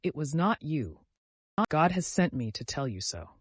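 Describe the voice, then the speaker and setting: A man voicing a gentle, earnest young man. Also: on the high side, big pitch swings, a little slow, slightly rough, no echo, exaggerated voice. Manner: soft, earnest, reproachful.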